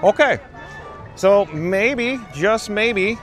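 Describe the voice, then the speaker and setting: A man with a fairly high voice hosts a live stream while he walks outdoors, chatting easily and reading viewer comments aloud before answering them. Faint music plays behind him. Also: expressive, very slow, a bit bright. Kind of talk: live-streamed walking tour with chat reading. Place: outdoors walking through a theme park.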